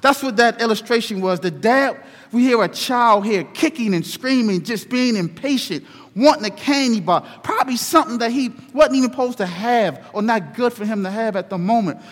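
A male pastor giving a sermon, telling a story slowly and deliberately. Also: very high voice. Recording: reverberant hall.

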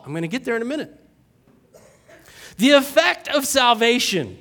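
A man preaching a sermon as pastor, repeating his points, asking the congregation questions and joking, rising and slowing on key words. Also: very high voice, sing-song, sharp tone.

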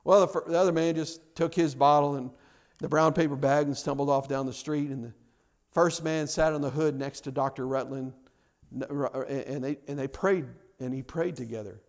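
A man preaching a sermon, telling a story and acting out its people, with repeated stammers, rising loud on key lines and dropping low. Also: fairly even intonation, moderate pace. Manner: impassioned, swells loud on key lines then drops low.

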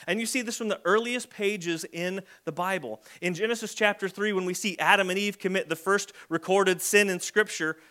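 A man's voice: high voice, moderate pace, hardly any pauses, sharp tone. A man preaching a conversational sermon as a pastor, telling everyday stories. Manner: conversational storytelling with acted kid voices.

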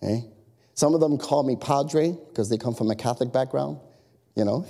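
A man in his thirties or forties preaching a sermon, animated and repetitive, with asides to the congregation. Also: mid-range voice, normal speed, creaky. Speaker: pastor. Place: church sanctuary. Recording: long echo of a large hall.

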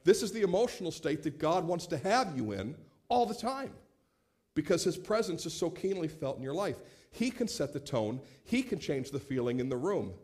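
Animated man preaching a sermon. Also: fairly high pitch, moderate pace. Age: 30s. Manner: animated, acts out quoted voices, repeats words when starting. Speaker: pastor.

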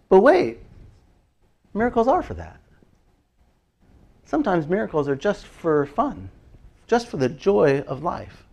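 Preaching a sermon, a male pastor speaks in a high, light voice, unhurried and with vocal fry, pausing often. His manner is chatty and animated; he laughs frequently and acts out the prayers he quotes.

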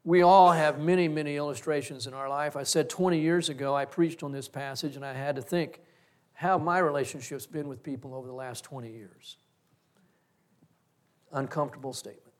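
Middle-aged man preaching, earnest and reflective, telling personal stories in a fairly high voice. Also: fairly even intonation, fairly quick. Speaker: pastor. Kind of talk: sermon.

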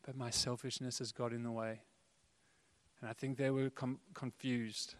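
A man's voice: mid-range voice, little pitch movement, moderate pace. A man preaching a sermon as pastor, earnest and conversational with playful asides, in a large church hall. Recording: long hall reverb.

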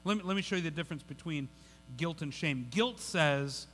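A male pastor gives a sermon in a relaxed, conversational way, repeating words and restarting sentences as he goes. His voice sits high and bright. It carries through a large hall with a long, lingering reverb. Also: moderate pace, a little hiss or hum.

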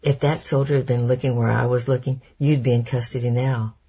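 A man's voice: medium pitch, flat delivery, fairly quick, mellow, breathy edge. A man voicing a worried elderly grandfather in a storybook reading, earnest and firm.

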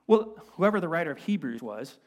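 High-voiced man preaching a lively sermon. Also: a little fast. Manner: animated, conversational, playful asides. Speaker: pastor. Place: church.

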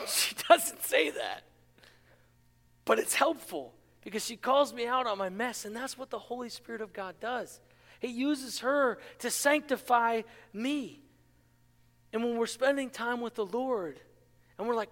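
A man's voice: very high-pitched, unhurried, fairly bright tone, in a large hall. A man preaching a sermon as pastor, impassioned, with rhetorical questions and self-mocking humor. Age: adult, married.

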